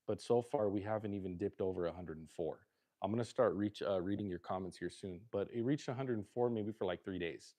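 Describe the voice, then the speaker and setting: A man's voice: low-pitched, fairly quick, dark tone. A middle-aged man from Southern California chatting loosely and jokingly on a livestream from his home kitchen. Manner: loose, rambling and jokey. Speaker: livestream host. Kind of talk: casual livestream chat while cooking.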